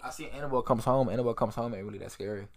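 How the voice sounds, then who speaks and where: A man's voice: medium pitch, racing, a crowd in the background. A man co-hosting a podcast, chatting casually in slangy speech, often repeating and restarting words. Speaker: podcast co-host. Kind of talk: casual chat.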